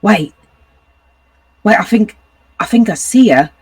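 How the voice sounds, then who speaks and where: A woman's voice: medium pitch, animated, slow pace, darkish tone, slightly rough, dry recording, distant mic, exaggerated voice. A woman doing a jittery, confused man. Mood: puzzled. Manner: hesitant, repeats himself.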